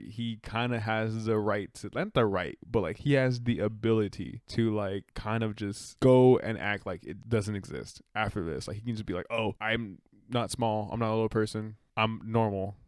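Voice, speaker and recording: A man giving a casual movie review rant, excitable and profane, rambling with restarts and self-corrections. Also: fairly low pitch, moderate pace, hardly any pauses, no room sound, studio quality.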